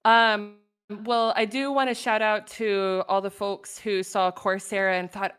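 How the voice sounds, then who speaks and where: A woman's voice: mid-range voice, little pitch movement, measured pace, fairly bright tone, smooth. A woman speaking in a casual chat as a guest artist, thoughtful and full of "um"s, often laughing.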